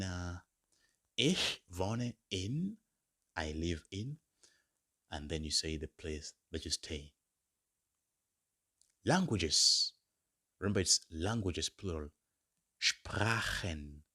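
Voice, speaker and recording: A man teaching beginner German phrases in English, slowly modelling each phrase and repeating words for learners. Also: low-pitched, a bit bright. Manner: slow, drawn-out modelling of example phrases. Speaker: German language tutor.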